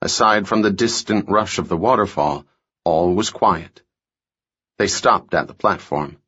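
A man narrating a thriller audiobook in a measured, unhurried reading. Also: low voice, fairly bright tone, breathy edge, lo-fi sound. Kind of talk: scripted narration.

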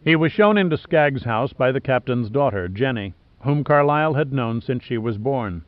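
Measured male audiobook narrator, dull sound. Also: medium pitch, no room sound. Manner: measured, even storytelling. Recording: dull, dry studio recording.

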